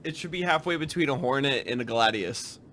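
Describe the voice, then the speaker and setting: A man's voice: medium pitch, brisk, fairly bright tone, slight background noise. A man co-hosting a casual gaming podcast, joking and tossing questions to the others. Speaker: podcast co-host.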